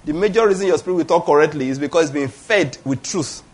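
A man's voice: a little high, quick pace, darkish tone, breathy edge. Emphatic Nigerian man preaching a sermon. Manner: emphatic, repeats key phrases, asks the congregation "All right?". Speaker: pastor.

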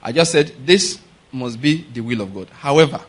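A man's voice: medium pitch, expressive, moderate pace. A male pastor preaching a conversational sermon, asking rhetorical questions and laughing between points.

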